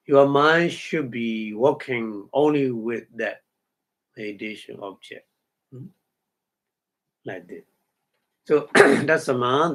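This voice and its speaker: Slow, halting male meditation teacher. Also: mid-range voice. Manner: halting, explanatory, recites Pali terms then glosses them; checks in with listeners with short hums and questions. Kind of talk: dharma talk explaining a scripture.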